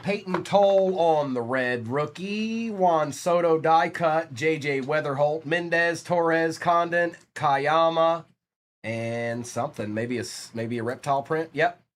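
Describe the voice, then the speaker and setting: A man's voice: fairly high pitch, slow pace. A man from Virginia hosting a live card break stream, rattling off player names and chatting with viewers between pulls.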